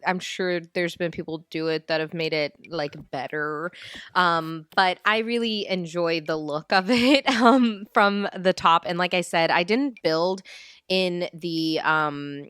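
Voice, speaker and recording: A woman's voice: lowish voice, fairly bright tone, clean tone, no room sound, clean studio sound. A woman hosting her gaming channel, chatting casually and rambling with lots of fillers. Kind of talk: casual gameplay commentary.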